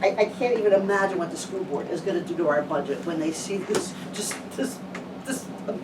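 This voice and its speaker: A woman's voice: lowish voice, brisk, natural voice. A woman playing an exasperated, sarcastic school-play organizer in an improv scene, heard from a distance over room noise.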